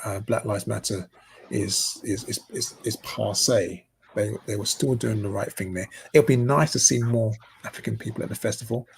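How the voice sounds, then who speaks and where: A man's voice: on the low side, creaky, slight background noise. A man hosting a community news update in casual, rambling commentary full of fillers and restarts. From United Kingdom.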